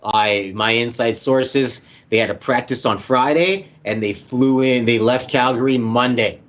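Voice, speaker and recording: A man's voice: medium pitch, measured pace. A man from Winnipeg co-hosting a sports talk show, playful and provocative. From Winnipeg, Canada. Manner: playful, teasing, provocative, animated. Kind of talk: casual sports chat. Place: indoors, dressed in shirt and tie.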